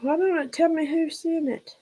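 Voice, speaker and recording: A woman's voice: high voice, normal speed, dark tone. A woman hosting a casual livestream, rambling and out of breath as she talks to her viewers. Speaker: livestream host.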